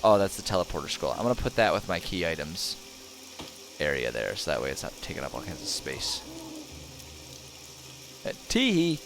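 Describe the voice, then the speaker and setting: Sarcastic guy streaming a game from home, super animated, laughs a lot, voice jumps all over. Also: a bass voice, fast talker, vocal fry, background noise. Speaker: gaming streamer. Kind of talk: casual let's-play commentary.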